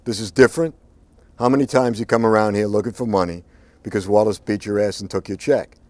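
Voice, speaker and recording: A hard, quiet outlaw from a crime audiobook, as a male narrator puts him on. He talks low and level, calm as asking about a cigarette, with cold contempt in every word, recorded dry. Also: brisk, no echo, lightly acted. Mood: contemptuous.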